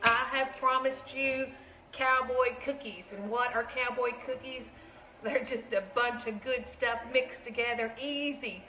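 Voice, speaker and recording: Chatty Southern woman, bright voice. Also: fairly high pitch, fairly even intonation, measured pace, roomy sound, a little hiss or hum, rough recording. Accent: Southern American. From Tennessee. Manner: chatty, folksy, greets viewers by name. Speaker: shop owner hosting a live cooking stream. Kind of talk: casual live cooking chat. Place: kitchen.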